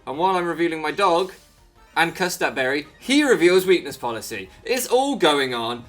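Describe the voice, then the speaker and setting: A man's voice: a little high, sing-song, moderate pace, a bit bright, faint music behind. A man giving casual, rambling commentary over a Pokémon game, easily sidetracked and self-mocking. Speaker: Pokémon video creator.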